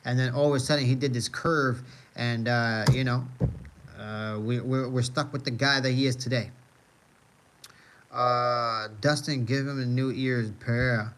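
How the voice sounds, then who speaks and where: A man's voice: medium pitch, fairly even intonation, a little slow, fairly bright tone, slight background noise. Laid-back man rambling on a live stream. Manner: rambling, heavy on "uh" and "you know what I mean"; laid-back, profane, joking. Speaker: live streamer reading chat. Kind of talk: casual live-stream chat.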